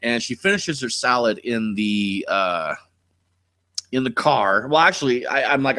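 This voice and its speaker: A California man hosts a casual live stream from a desk mic, his mid-range voice pushed and bright with lively intonation at a measured pace. He rambles through laid-back stories and swears a lot.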